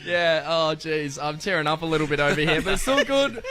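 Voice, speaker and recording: Hoarse radio co-host. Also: male voice, fairly high pitch, fairly quick. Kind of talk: casual radio banter.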